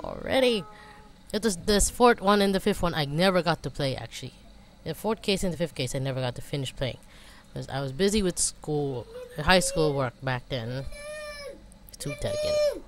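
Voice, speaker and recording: A woman's voice: deep voice, expressive, moderate pace, slight background noise. A young woman chatting casually and giggly as a let's play host. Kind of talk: casual game commentary.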